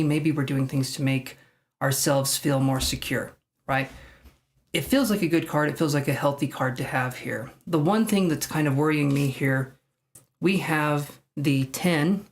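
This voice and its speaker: A tarot reader hosting a casual live stream from home, chatting with viewers by name and making jokes at their own expense. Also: mid-range voice. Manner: chatty and self-joking, addressing viewers by name.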